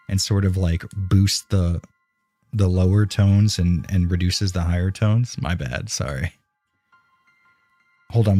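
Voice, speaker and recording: A man's voice: sits low, warm tone, no room sound. A man live-streaming and chatting casually with his viewers, rambling and swearing freely as he answers chat, speaking close into a dynamic broadcast mic at a home streaming setup.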